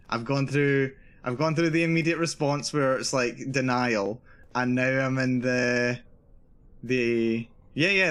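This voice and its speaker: A VTuber streamer with a mid-range, fairly bright voice gives live commentary on a horror game. He's jittery, repeating himself and narrating his own nerves as he plays.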